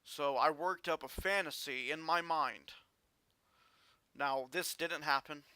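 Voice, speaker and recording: Slow, halting man telling his story. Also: on the high side, pushed and bright, clean tone, dry recording. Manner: halting, earnest, with frequent restarts. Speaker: vlogger. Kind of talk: personal storytelling to camera.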